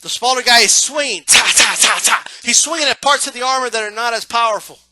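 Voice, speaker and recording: A man giving a casual, animated monologue about how he watches boxing, often asking "right?". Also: extremely high pitch, quick pace, very noisy. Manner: animated, acts out yelling crowd members, repeats "right?". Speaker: boxing commentator.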